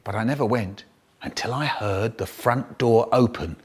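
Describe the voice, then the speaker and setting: An older British man telling comic childhood stories in an animated way, switching to high voices for the children and to a low drone for his brother. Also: normal speed, slightly rough. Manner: low droning chant for the brother. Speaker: storyteller. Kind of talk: comic storytelling, remixed.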